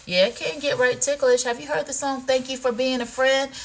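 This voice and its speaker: Here the livestream shopping host sounds high and steady, talking a little fast with vocal fry. She keeps up a playful, casual product-demo chat with viewers, full of "y'all" and "honey."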